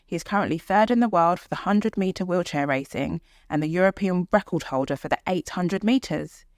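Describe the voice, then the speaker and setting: A woman's voice: on the low side, moderate pace, dry recording, clean studio sound. A woman co-host reading a scripted, upbeat introduction of a podcast guest.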